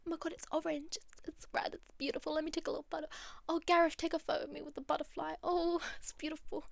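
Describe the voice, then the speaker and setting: A woman putting on a gushing young woman who coos over a butterfly in a soft, breathless voice. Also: high voice, little pitch movement, fast talker, vocal fry, dry recording, pitched above the performer's own voice.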